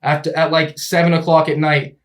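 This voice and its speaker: A young man spins a long story in an easygoing chat, slipping into quick impressions of the people involved and breaking into laughter. His voice sits a little high. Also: little pitch movement. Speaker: podcast guest telling a story.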